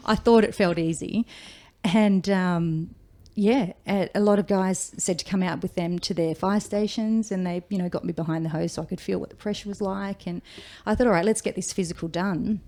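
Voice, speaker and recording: Her voice is medium-pitched and warm, with a steady tone and moderate pace. She's a forties-aged Australian woman and firefighter, telling her story casually in an interview and voicing the people she quotes.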